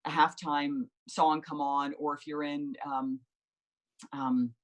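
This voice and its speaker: A woman's voice: sits low, little pitch movement, slow, low-quality recording. A woman singer-songwriter, a guest in a casual video interview, giving earnest, encouraging advice.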